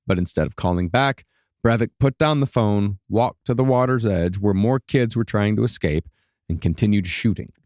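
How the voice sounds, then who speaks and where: A man hosting a podcast, recounting events in a steady, matter-of-fact storytelling style with dry asides, recorded in a studio. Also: fairly low pitch, moderate pace, no room sound. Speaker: podcast host and narrator. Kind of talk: storytelling true-crime narration.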